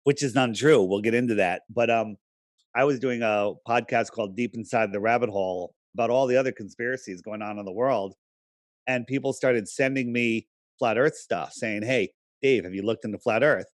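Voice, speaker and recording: A man speaking as an interview guest, pressing his case with emphatic, persuasive delivery and frequent rhetorical questions. His voice sits at an ordinary middle pitch, and the sound is dry and close with almost no room echo. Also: moderate pace. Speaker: podcast guest. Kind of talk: casual interview talk.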